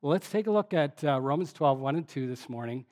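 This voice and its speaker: A man's voice: a little high, lively intonation, fairly quick, a little mellow. A male pastor giving an interactive sermon, repeating the congregation's answers and talking conversationally with frequent fillers. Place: church sanctuary.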